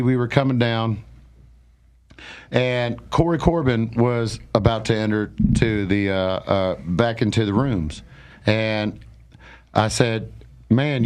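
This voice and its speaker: A man's voice: medium pitch, slow, a little mellow. A man, a slap fighter, trash-talking in casual, profane podcast chat.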